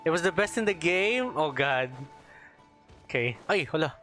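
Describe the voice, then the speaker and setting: A man from the Philippines streams a game, chatting casually and rambling while he searches for words. His fairly high voice is expressive, bright, and forceful at a normal speed, with soft music behind him.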